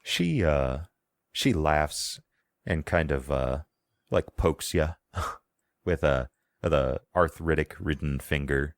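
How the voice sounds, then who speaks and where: A man narrating a tabletop role-playing game as game master, in a casual, halting way. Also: rumbling low, animated, dry recording. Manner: casual, halting, lots of fillers and laughs.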